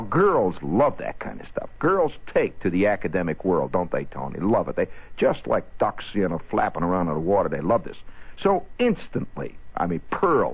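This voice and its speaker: A husky-voiced man spins a rambling, sardonic comic story in a low voice that swings up and down with animation. The sound is tinny and phone-like, like an old radio broadcast.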